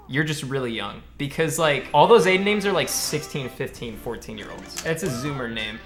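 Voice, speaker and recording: A man's voice: on the high side, sing-song, normal speed, a bit bright. Blunt, profane young male streamer. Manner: blunt, profane, joking banter with chat. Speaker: streamer and speedrunner. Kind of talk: casual live-stream chat while gaming. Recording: game music playing clearly underneath.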